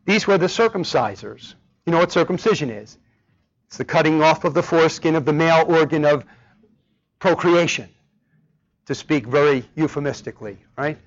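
A man's voice: fairly high pitch, expressive, normal speed. A man preaching a sermon with emphasis, often asking the congregation rhetorical questions. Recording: dull lo-fi recording.

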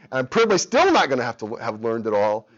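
A man in his thirties, tired after a sleepless night, teaches an adult Sunday school class in an earnest, conversational way, growing animated when he tells stories. His voice is mid-range and quick-paced, captured with lo-fi sound.

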